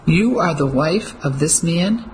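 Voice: mid-range voice, animated, a little slow, a little hiss or hum, close to an everyday voice, rough recording. A reader voicing a sneering German officer.

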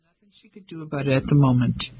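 A man narrating a novel in an even, measured reading. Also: mid-range voice, breathy edge, low-quality recording. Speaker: audiobook narrator. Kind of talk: scripted narration.

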